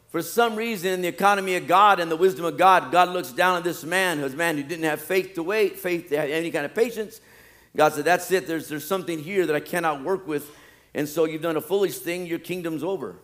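A male pastor delivering a sermon in a somewhat high voice. He preaches with animation, rising to loud pleading and dropping to low, quiet asides.

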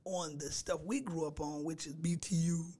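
Laid-back raspy pastor man. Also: on the high side, steady tone, normal speed, warm tone, slight background noise. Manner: laid-back, laughs easily, sings snatches of his songs. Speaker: pastor and gospel singer. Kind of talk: casual radio interview chat.

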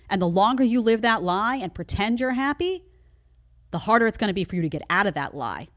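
A middle-aged woman hosting a live commentary show, talking emphatically and directly to her viewers. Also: fairly low pitch. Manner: emphatic, conversational, talks straight to viewers. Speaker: show host.

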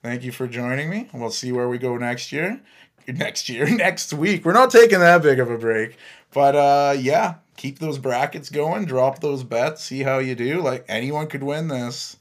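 A man's voice: mid-range voice, expressive, measured pace. Laughing, rambling man telling a story. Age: 30s. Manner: laughs often, rambling with many fillers. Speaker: podcast host. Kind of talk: casual storytelling monologue.

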